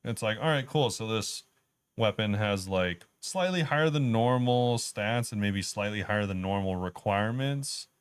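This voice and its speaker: A man's voice: on the low side, moderate pace, clear, resonant tone, dry recording. A man co-hosting a casual gaming podcast, explaining game updates in an easygoing, detailed way. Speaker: podcast co-host.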